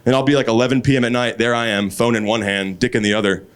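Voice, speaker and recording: A man doing a stand-up set on a club stage, springing into loud acted quotes. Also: fast, noisy background. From Texas. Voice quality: animated, jumps high into acted quotes. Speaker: stand-up comedian. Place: comedy club stage, laughing crowd. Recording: live club with loud crowd laughter.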